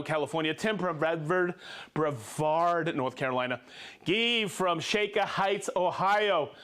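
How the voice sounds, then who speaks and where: A man's voice: high voice, fairly bright tone. A man hosting a livestream, cheerfully reading out viewers' names and hometowns and sometimes stumbling over how to say them. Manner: upbeat, rattles off names and places, stumbles on pronunciations. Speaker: livestream host. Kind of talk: reading out viewer shout-outs.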